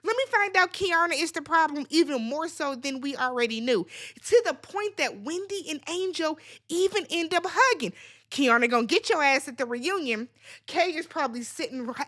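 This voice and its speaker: Sassy, bright-voiced woman ranting. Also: sits high. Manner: sassy, blunt and profane, swinging into loud squeals. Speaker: recap channel host. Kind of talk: casual reality TV recap rant.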